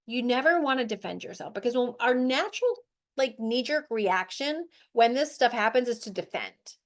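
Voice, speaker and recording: High, animated woman host. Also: moderate pace. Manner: animated, chatty, with lots of "like" and "right?". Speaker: weight-loss show host. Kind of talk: motivational group talk.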